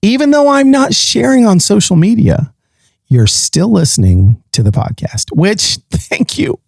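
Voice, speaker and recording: A man's voice: high-pitched, sing-song, a little slow, vocal fry, darkish tone, no echo, studio quality. A man hosting his own podcast in a playful, sing-song, chatty way. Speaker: podcast host. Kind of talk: casual solo podcast talk.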